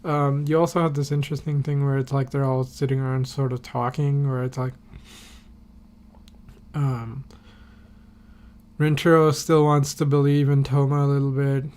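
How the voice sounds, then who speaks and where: A man's voice: medium pitch, flat delivery, moderate pace, long pauses, darkish tone, a little hiss or hum. A man recapping a TV episode on a podcast in a casual, rambling way, full of fillers and casual swearing. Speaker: podcast host.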